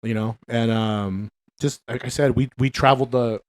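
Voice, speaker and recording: A man's voice: mid-range voice, moderate pace. A man chatting casually on a podcast, retelling movie scenes with lots of swearing and acted-out lines. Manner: animated, swears a lot, acts out movie lines in voices.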